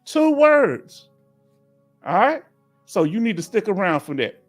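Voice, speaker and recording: A Southern man from Houston hosts a casual live stream for veterans. His voice sits slightly high, and he reads viewer comments aloud in a loose, chatty way. Faint music plays underneath. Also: animated, fairly quick. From Houston, Texas. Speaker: livestream host for veterans.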